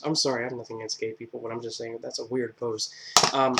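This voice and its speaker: Guy doing a loose movie review vlog, lots of ums, crude jokes, mid-pitched voice. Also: steady tone, fast talker, fairly bright tone. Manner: rambling, filler-heavy, joking retelling; crude and irreverent. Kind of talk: casual spoken movie review.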